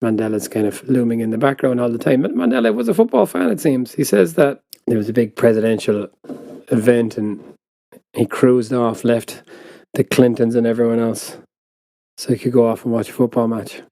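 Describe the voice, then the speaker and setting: A man's voice: mid-range voice, animated, moderate pace, gravelly, warm tone, no room sound. A man co-hosting a casual football book podcast, making dry, wry, laid-back remarks. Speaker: podcast co-host. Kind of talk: casual chat.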